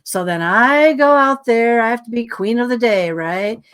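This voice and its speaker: A woman, a podcast guest, telling a long story in a rambling, animated way with many asides. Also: a little high, normal speed, smooth.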